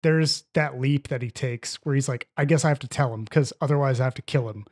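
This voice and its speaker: A man's voice: medium pitch, brisk, darkish tone. A man talking through a film in a casual podcast discussion, rambling with many fillers and restarts. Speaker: podcast co-host.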